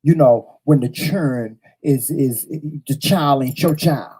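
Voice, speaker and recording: Dark, husky-voiced man telling a story. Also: medium pitch, slow pace, low-quality recording. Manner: animated, profane storytelling with repeated lines. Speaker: morning show host. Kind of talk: storytelling on a talk show.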